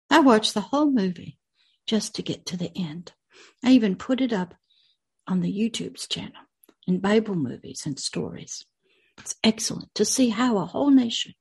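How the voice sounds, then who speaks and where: A woman's voice: mid-range voice, darkish tone, breathy edge. A woman hosting a religious video channel, retelling a film in an earnest, unscripted way with emphatic repetitions.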